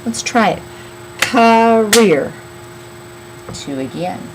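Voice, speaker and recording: A woman teaching young children a phonics lesson, slowly sounding out words and counting syllables. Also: on the low side, sing-song, noisy background. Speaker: elementary school teacher.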